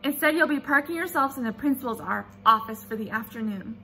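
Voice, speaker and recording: A woman's voice: fairly high pitch, a little hiss or hum. A woman doing a stern male teacher. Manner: flat, measured correcting tone.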